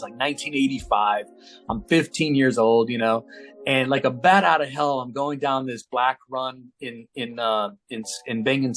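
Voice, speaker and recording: An American man in his fifties, a guest in an interview, telling a story with lively energy and acting out the voices of the people in it. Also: mid-range voice. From United States. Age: 50s. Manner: lively, acts out quoted voices, many fillers.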